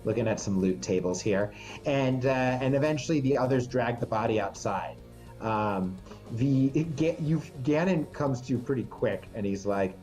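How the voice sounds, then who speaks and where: A man narrating a tabletop game as game master in a halting way, full of ums and restarts. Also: mid-range voice, darkish tone, faint music behind.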